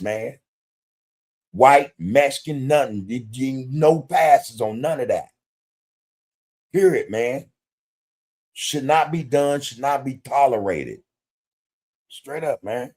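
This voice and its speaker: A man's voice: mid-range voice, darkish tone. A man hosting a podcast livestream, talking bluntly in street slang with plenty of profanity and greeting viewers in the chat. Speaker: podcast host. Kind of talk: casual livestream commentary.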